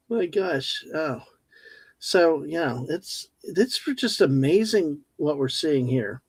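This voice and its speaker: High-voiced jokey man guest. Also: big pitch swings, extremely slow, pauses often, a little mellow, husky, dry recording, rough recording. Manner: jokey, chatty, restarts often. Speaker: guest co-host. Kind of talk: casual chat on a livestream.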